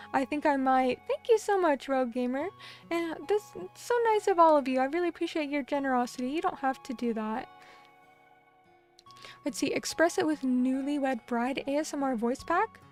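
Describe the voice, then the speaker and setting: A young adult woman chatting casually on a live stream, effusive and thankful, often tripping over her words. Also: sits high. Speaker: vtuber streamer.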